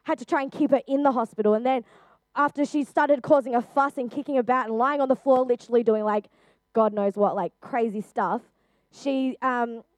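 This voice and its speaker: A young woman shares a personal testimony in an earnest, chatty way, with lots of "um" and "like." Her voice sits slightly high. The sound is close and dry, with no room echo. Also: brisk. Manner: earnest, chatty, with frequent fillers. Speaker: youth speaker.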